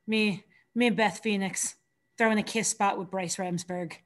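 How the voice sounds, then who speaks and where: A woman's voice: mid-range voice, fairly even intonation, normal speed, a little hiss or hum. A woman hosting a podcast in a chatty, easygoing way. She laughs through her stories and briefly acts out what people said before going back to plain talk. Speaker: podcast host, wrestling trainer. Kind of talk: casual podcast chat.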